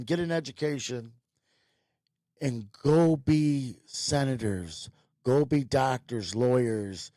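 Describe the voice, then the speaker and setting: A man's voice: mid-range voice, darkish tone, dry recording, clean studio sound. A man hosting a ranting commentary show, talking in a blunt, profane, rambling way. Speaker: host.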